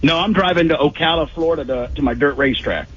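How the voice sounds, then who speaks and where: A man in his forties calling in to the show, brash and full of jokes. His talk rambles from one old story to the next. His pitch sits a little high, and the radio recording sounds a bit dull. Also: fast, a bit bright, faint music behind. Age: 40s. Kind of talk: casual phone-in banter. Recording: slightly dull radio aircheck.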